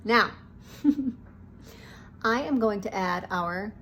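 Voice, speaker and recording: A woman hosts her own baking show, chatting brightly and joking with the viewer as she measures and mixes. Her voice sits in an ordinary middle register. The kitchen recording carries clear background noise under everything she says. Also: medium pitch, measured pace. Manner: chatty and playful, talking to the viewer while working. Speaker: home baking show host. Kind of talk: casual cooking demonstration.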